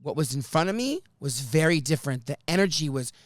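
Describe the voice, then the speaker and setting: A man hosts a podcast, swapping into quoted voices and cursing as he tells his story. His pitch swoops widely through the telling. The sound is dry and close, with no room around it. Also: a little fast, no echo. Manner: animated, swears freely, acts out quoted voices. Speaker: podcast host. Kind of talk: casual storytelling chat.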